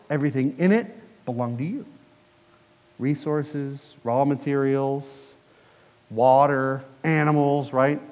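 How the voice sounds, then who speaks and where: A man's voice: on the high side, a little mellow, long reverb tail. A man preaching a sermon as pastor, conversational and putting questions to the congregation.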